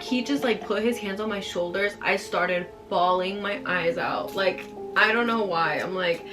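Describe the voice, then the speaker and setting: A young woman casually telling a scary story while doing her nails, with lots of "like" fillers. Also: mid-range voice. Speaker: storytime vlogger. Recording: distant mic with music bed.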